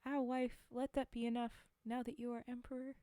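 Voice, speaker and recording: A timid, poor old fisherman pleads in a storybook reading, as a woman reads him in her own voice. The voice is fairly high and mellow, close and dry. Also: level tone, brisk, no echo, lightly acted. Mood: pleading.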